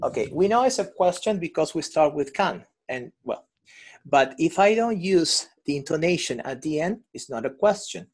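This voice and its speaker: A man's voice: fairly high pitch, lively intonation, normal speed. A male English teacher running an online class over a video call, patiently explaining and repeating examples.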